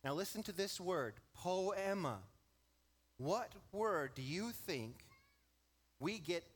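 A man's voice: sits high, animated, slow pace. A man preaching a sermon to his congregation, explaining a Bible verse with emphatic stress and shifting pace. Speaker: pastor.

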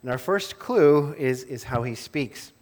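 Guy preaching a sermon, chatty and relaxed, restarts his sentences, mid pitched voice. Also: a little slow. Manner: conversational, self-interrupting with small laughs and repeated words. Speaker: pastor.

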